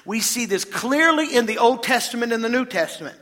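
A man's voice: very high voice, lively intonation, fairly quick, bright, forceful tone, long reverb tail. A man preaching a sermon as pastor, quizzing the congregation and reading scripture aloud. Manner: preaching, addressing congregation with questions.

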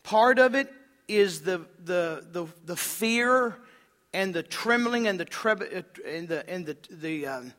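Bright-voiced impassioned preacher man. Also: lively intonation, takes it slowly, in a large hall. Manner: impassioned preaching, swings from loud emphasis to hushed low tones. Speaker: pastor. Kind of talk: sermon.

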